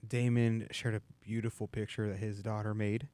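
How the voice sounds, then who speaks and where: Relaxed talk radio host man, smooth voice. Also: on the low side, normal speed, no room sound. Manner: relaxed storytelling, reads listener messages. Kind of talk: casual talk radio chat.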